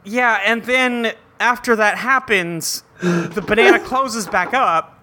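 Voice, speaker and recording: Bright high-voiced man rambling. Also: takes it slowly, slight background noise. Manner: rambling, laughing, trails off mid-sentence. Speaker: podcast co-host recapping a cartoon episode. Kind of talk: casual chat.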